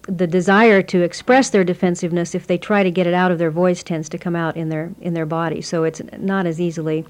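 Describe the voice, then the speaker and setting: A woman who teaches communication workshops, answering interview questions in a measured way and explaining her ideas through everyday examples. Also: lowish voice, fairly even intonation.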